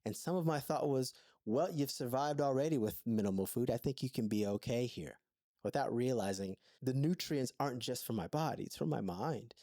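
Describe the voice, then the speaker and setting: A man's voice: medium pitch, normal speed, dark tone, dry recording, clean studio sound. A man co-hosting a podcast, telling his story in an earnest, thoughtful way in an intimate conversation. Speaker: podcast co-host.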